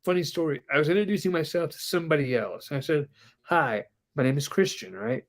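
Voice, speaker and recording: A man's voice: on the high side, fairly quick, creaky. A man in his twenties co-hosting a casual wrestling chat, telling stories and acting out quotes. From Denver, Colorado. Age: 20s. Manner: animated storyteller, acts out quotes. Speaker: podcast co-host.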